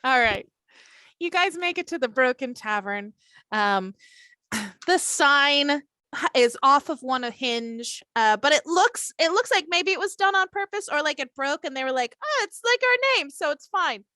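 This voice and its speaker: A woman game master describing scenes in a relaxed, meandering way, her voice pitched fairly high. The sound is close and dry, as from a home call setup. She mixes hasty asides with scene description. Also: measured pace, dry recording. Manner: casual, rambling descriptions with fillers. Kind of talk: narrating a tabletop game.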